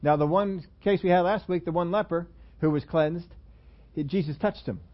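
A man's voice: a little high, normal speed, dull audio. A man preaching a sermon in a church room, talking conversationally and putting questions to the congregation. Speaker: pastor.

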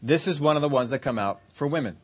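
A man's voice: mid-range voice, lively intonation, fast talker, slightly rough. A man preaching a sermon. He talks conversationally, laughs easily and acts out little scenes. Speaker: pastor.

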